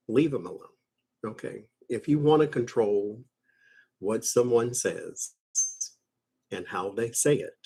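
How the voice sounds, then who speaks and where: Slow husky man reading tarot cards. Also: medium pitch. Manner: slow, conversational, fussing asides and laughs. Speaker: tarot reader. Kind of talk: live tarot reading with rants.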